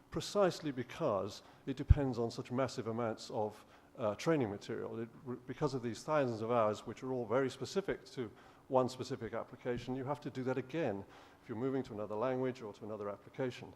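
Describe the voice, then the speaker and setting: A man's voice: mid-range voice, fast, darkish tone. A male professor giving a conference lecture, explaining steadily with frequent restarts. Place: conference hall.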